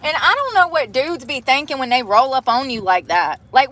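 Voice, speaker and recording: A young woman ranting bluntly and profanely on a casual live stream, exasperated and loud-mouthed. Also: high voice, expressive, brisk, hardly any pauses, slight background noise. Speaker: livestreamer.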